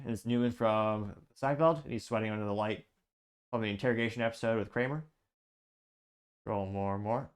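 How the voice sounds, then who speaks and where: Sarcastic male commentary host. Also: mid-range voice. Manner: chatty, sarcastic, reads viewer comments aloud. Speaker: show host. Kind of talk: casual political commentary.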